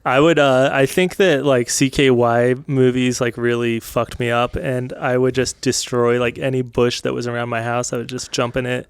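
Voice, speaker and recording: A man's voice: mid-range voice, little pitch movement, normal speed, hardly any pauses, smooth, no room sound. A man co-hosting a podcast, rambling through stories in casual chat with many fillers and frequent laughs. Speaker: podcast co-host.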